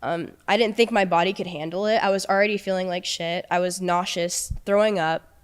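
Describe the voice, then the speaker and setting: Smooth-voiced young woman retelling events. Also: lowish voice, fairly even intonation. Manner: halting, many restarts and fillers. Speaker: podcast guest. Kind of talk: personal storytelling.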